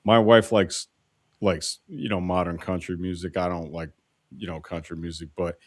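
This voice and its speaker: A man chatting on a casual podcast, talking in a measured, reflective way with hesitant restarts. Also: deep voice, steady tone, dry recording, studio quality. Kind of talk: casual chat.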